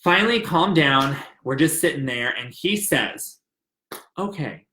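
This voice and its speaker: A man's voice: a little high, animated, measured pace, sharp tone, reverberant, a little hiss or hum. A young man from the American South, telling a personal story in an earnest, emotional, rambling way. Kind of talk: personal story, casual retelling.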